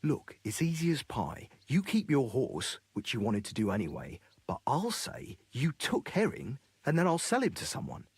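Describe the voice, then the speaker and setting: A sly, husky horse dealer. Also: male voice, mid-range voice, wildly swooping pitch, normal speed, hardly any pauses, dry recording, full character voice. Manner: wheedling, conspiratorial sales talk. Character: scheming male horse dealer, sly and persuasive. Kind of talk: video game dialogue.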